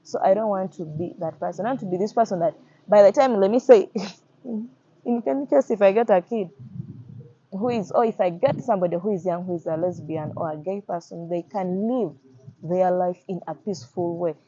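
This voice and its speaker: A young Ugandan woman tells her own story in an earnest, direct way, circling back over her words. Her voice is warm and mellow at an ordinary pitch. The recording is a little dull and muffled. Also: moderate pace. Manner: earnest, repeats phrases, acts out quoted voices. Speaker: activist. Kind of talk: personal testimony interview. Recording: slightly muffled audio.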